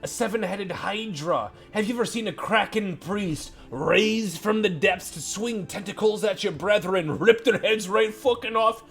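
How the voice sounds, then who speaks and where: A man voicing a boisterous dwarf paladin who swears and gets excited. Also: sits high, a little slow, creaky, few pauses, faint music behind, voice pushed up, heavily acted. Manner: loud, excited, cursing.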